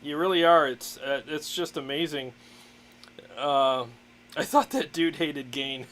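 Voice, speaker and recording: A man hosts a casual livestream, talking through his gear and greeting viewers in a relaxed, chatty way. He fills pauses with "um" and "uh" and laughs often. His voice sits a bit high for a man. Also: a little hiss or hum. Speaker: livestream host, guitarist.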